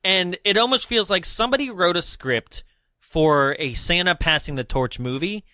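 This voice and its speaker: A young man co-hosting a podcast in casual chat, laughing often and talking in quick bursts. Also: high voice, pushed and bright, dry recording, studio quality. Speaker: podcast co-host.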